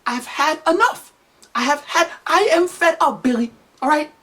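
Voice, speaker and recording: A man's voice: extremely high pitch, sharp tone, voice pushed up. A man voicing an anxious mother who keeps hesitating and pleading before she disciplines her son. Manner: hesitant, pleading, building up slowly.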